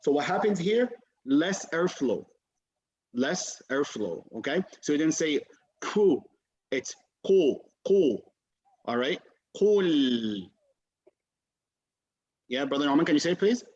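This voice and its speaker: A male teacher giving an online class, patiently repeating sounds slowly for his students to copy. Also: a little high, animated, a little mellow, breathy edge. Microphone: video call. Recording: dull lo-fi video call audio.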